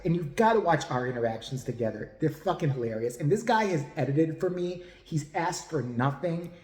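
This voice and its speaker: Podcast host, man, blunt and foul-mouthed, slightly high voice, roomy echo. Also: darkish tone. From United States. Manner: blunt and profane, rambling. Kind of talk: casual talk to viewers.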